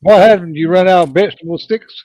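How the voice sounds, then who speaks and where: A man's voice: high-pitched, fast talker, a little mellow, no echo, highs cut off. A man joking and ribbing his friends in casual chat.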